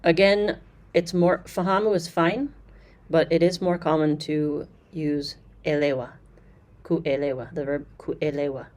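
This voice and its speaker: A woman with a notably low voice talks through a language course, pausing often with ums and starting her sentences over. Her delivery is loose and conversational, like an informal review. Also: steady tone, a little mellow. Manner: chatty, explanatory, with frequent fillers and restarts. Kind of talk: casual review commentary.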